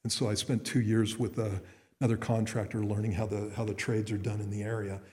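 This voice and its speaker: A man's voice: on the low side, little pitch movement, fairly quick, dark tone. A middle-aged man, a pastor, preaching earnestly in a conversational way with frequent restarts. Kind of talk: sermon. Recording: long reverb in a hall.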